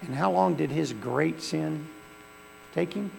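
This pastor's voice sits on the high side, slow, creaky and a little mellow. His sermon starts as folksy stories in a church and builds into fervent preaching, captured with long hall reverb and faint mains hum.

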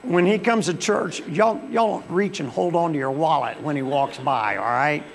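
A man's voice: on the high side, moderate pace, creaky. A male pastor, preaching a sermon in a church with folksy storytelling that swells into fervent preaching. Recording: long hall reverb with faint mains hum.

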